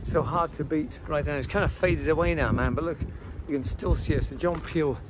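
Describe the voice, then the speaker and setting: A man chatting casually as he vlogs on a campus, excitable, often saying "man" and "folks". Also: on the high side, fairly quick. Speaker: vlogger. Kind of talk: casual vlog chat. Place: outdoors on a university campus. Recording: noisy outdoor recording.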